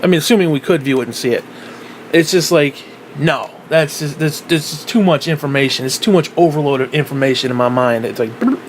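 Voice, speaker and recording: A man with a slightly high voice rambles his way through a casual vlog monologue. His talk is loose and profane, full of fillers and restarts. A faint hum of air conditioning sits behind him. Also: a little fast, rough recording. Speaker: vlogger.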